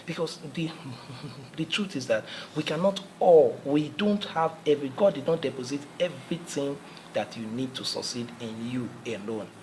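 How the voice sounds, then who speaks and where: This earnest male motivational speaker has a mid-range, darkish voice and a moderate pace, and his delivery is repetitive and preacherly, often looping back to phrases he has already said. The audio is poor, carrying a faint hiss throughout.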